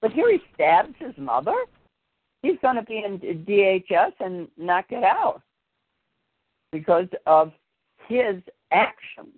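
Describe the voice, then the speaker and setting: Guy hosting a chat show, rambles a lot, kinda high voice, tinny phone sound, dry. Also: very animated, slow pace, pauses often, no echo. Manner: meandering, with frequent fillers. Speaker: podcast host. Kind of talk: casual chat, rambling storytelling.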